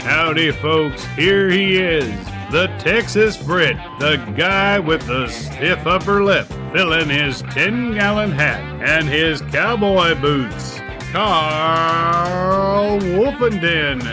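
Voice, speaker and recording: A drawling, folksy cowboy announcer, as a man puts him on for the show's intro, pitched fairly high and in no hurry at all. Every word is stretched out long and easy. Country guitar music plays loudly behind him. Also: slow pace. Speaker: show announcer.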